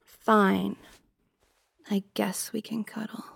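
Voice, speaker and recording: A woman's voice: a little high, takes it slowly, creaky. A young woman voicing a jealous, possessive girlfriend in an audio role-play, pouty and teasing, sometimes dropping to a whisper.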